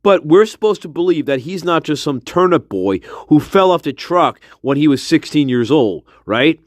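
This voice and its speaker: A man's voice: fairly high pitch, expressive, normal speed, no echo, studio quality. A man delivering an angry, profane monologue, mocking someone with scornful laughs. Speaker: commentator.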